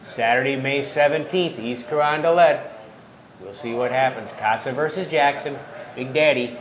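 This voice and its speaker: A man interviewing wrestlers for a wrestling TV show, asking measured questions. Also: mid-range voice. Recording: echoey room.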